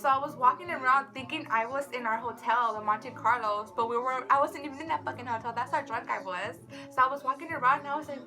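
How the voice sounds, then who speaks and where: A woman's voice: sits high, quick pace, music in the background. A young adult woman telling an embarrassing story to her sister, laughing as she goes. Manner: giggly, laughs through her lines. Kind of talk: casual storytelling.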